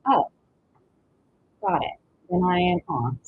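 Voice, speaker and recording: A woman doing a live-stream tarot reading, chatty, with breathy pauses and drawn-out exclamations. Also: lowish voice, animated. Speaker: tarot reader. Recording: dull lo-fi stream audio with faint noise.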